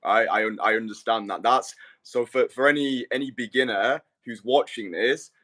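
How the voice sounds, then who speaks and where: A man's voice: medium pitch, normal speed, a bit bright. A man hosting a casual podcast, summing up his guest's point with emphatic repetition. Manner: emphatic, repeats points to sum up. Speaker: podcast host.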